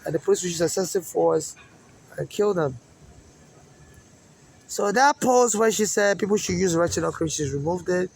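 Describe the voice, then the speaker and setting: A Nigerian man speaks in a mixed Nigerian and American accent, his voice pitched very high and rough with grit. He rambles in a personal monologue and keeps circling back to the same points. A faint hum of noise sits behind him. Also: normal speed, long pauses, low-quality recording. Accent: mixed Nigerian and American English.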